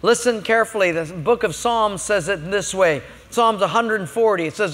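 A man's voice: high voice, moderate pace, few pauses, a bit bright, big-room sound. A man preaching a sermon as a pastor, emphatic and humorous, telling stories to make his points.

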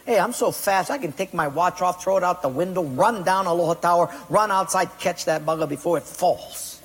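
A man's voice: sits high, brisk, breathy edge. A man voicing a boastful man who brags about his speed, told as part of a joke in a sermon. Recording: long reverb in a large hall.

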